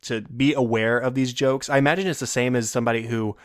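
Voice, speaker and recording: A man co-hosting a podcast, leading a relaxed conversation. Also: medium pitch, quick pace, dry recording, clean studio sound. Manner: relaxed, conversational, leads the discussion. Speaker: podcast co-host. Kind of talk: casual chat.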